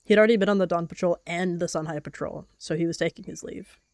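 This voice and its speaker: A woman calmly narrating a game role-play as a story. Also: lowish voice, fast, no room sound.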